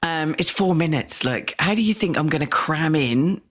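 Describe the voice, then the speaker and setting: A woman's voice: low voice, expressive, normal speed. A woman hosting a podcast, chatting playfully and laughing often, a self-described big talker. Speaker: podcast host. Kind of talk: casual podcast conversation.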